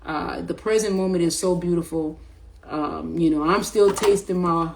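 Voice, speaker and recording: Slangy, rambling middle-aged woman, low voice. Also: normal speed, gravelly, a little mellow, slight background noise, poor audio. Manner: rambling, repeats words, slangy. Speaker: spiritual vlogger. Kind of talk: casual spiritual talk to camera.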